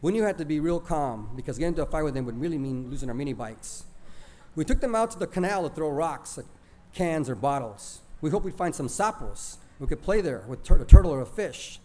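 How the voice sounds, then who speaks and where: Warm-voiced man telling a childhood story. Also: a little high, lively intonation, fairly quick, a little hiss or hum. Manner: plainspoken, mixes in Spanish words. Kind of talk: oral storytelling of a childhood memory.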